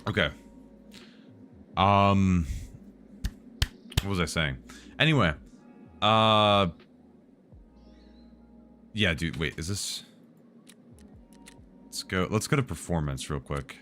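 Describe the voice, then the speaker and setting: A man's voice: low-pitched, takes it slowly, pauses often, a bit bright, a little hiss or hum. A man streaming live, chatting casually about tech and answering viewers' questions in a rambling, joking way.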